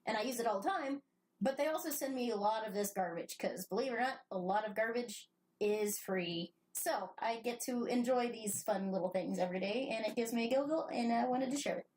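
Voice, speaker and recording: A woman's voice: on the high side, brisk, a little mellow, slight background noise. A woman hosting a casual podcast chat who reads book blurbs aloud with playful emphasis and frequent giggles. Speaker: podcast host.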